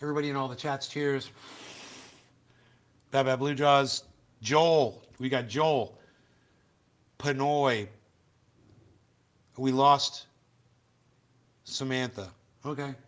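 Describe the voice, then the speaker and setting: A man with a steady, slightly bright mid-range voice hosts a livestream, talking slowly with long pauses. In this casual rant he's blunt and profane, chatting along with his viewers in the live chat.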